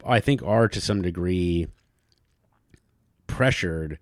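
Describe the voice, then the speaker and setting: A man with a very low voice chats loosely about a TV episode as a podcast co-host. He circles back and restarts his thoughts often, and the recording is dry and close. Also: lively intonation, takes it slowly, no echo. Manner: rambling, many restarts and fillers. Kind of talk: casual chat recapping a TV episode.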